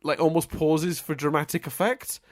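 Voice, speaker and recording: A man co-hosting a podcast, chatting casually in an animated, self-mocking way. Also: fairly high pitch, moderate pace. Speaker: podcast co-host. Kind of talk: casual chat.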